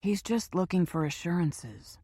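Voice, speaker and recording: A woman voicing a calm, quietly menacing white-haired male hitman in an audiobook thriller. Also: lowish voice, measured pace, breathy edge, no room sound, clean studio sound. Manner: cool, reassuring, quietly menacing.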